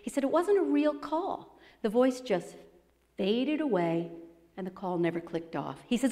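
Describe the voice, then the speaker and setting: Woman telling stories onstage, mellow voice, big reverby hall. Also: on the high side, unhurried. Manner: animated, acts out quoted voices. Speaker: speaker presenting her book. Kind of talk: storytelling talk to an audience. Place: expo presentation hall.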